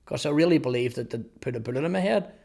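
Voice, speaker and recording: Northern irish man, fifties, gravelly voice, earnest testimony, halting repeats. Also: mid-range voice, lively intonation, darkish tone. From Northern Ireland. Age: 50s. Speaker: testimony speaker. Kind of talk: personal testimony storytelling.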